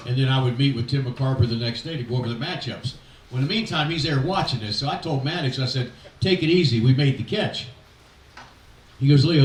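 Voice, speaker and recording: An older man tells rambling, folksy baseball-life stories, pausing on fillers and acting out what others said. He sounds a bit distant from the mic, with hall reverb and a faint background hiss. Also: medium pitch. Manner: folksy anecdotes, quoting others in animated voices, halting fillers. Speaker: retired pitching coach telling stories. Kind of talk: after-dinner storytelling speech. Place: event hall.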